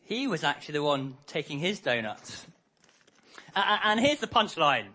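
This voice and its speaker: Lively, bright-voiced preacher. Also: male voice, on the high side, normal speed. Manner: lively storytelling, acts out characters' lines. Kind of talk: harvest sermon with storytelling.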